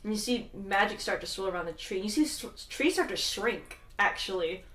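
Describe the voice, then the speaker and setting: As game master, a woman narrates with an animated, fairly quick, mid-range voice of fairly bright tone, laughing often and doing character voices. The mic sits far off in an echoey room.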